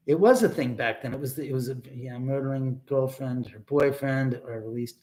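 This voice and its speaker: A middle-aged man talks loosely to his livestream viewers from home, at an ordinary pitch. His talk rambles and restarts, and he turns blunt and profane when riled. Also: a little slow, a little mellow. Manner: rambling, talks to chat and his dog, swears when angry. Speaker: livestream host. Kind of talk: casual livestream chat. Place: indoors at home.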